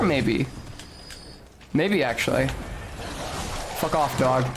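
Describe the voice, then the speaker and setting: Against a noisy background, a man with a fairly high voice chats casually while streaming a game. He speaks with crisp, articulate diction, suddenly swears at the game, and mentions sounding like a snob.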